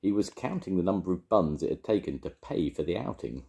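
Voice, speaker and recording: An older man reading a children's picture book aloud to his grandchildren, lively and expressive. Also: deep voice, a little fast, creaky, hardly any pauses. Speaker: storytelling grandfather.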